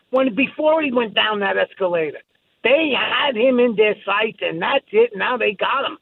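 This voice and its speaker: A man calling in to a radio show, talking emphatically and excitedly about his strong opinions. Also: sits high, normal speed, gravelly, breathy edge, no echo. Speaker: caller. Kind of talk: call-in phone talk. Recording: dry tinny phone line.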